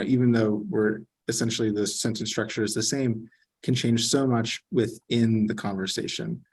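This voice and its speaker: A man's voice: medium pitch, slightly rough. A man giving an earnest online training session as a trainer, explaining with frequent fillers.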